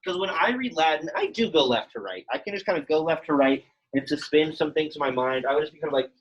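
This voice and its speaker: In this lo-fi clip, a young man with a higher voice talks a little fast and animatedly while explaining Latin grammar. It's an informal classroom lesson full of fillers, delivered to both in-person and online students.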